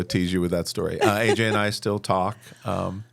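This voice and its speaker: A man's voice: low-pitched, normal speed, gravelly, few pauses, very noisy. A man in his fifties from upstate New York, a podcast guest telling personal stories and acting out what people said. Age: 50s. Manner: animated storyteller who acts out quotes. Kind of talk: personal storytelling.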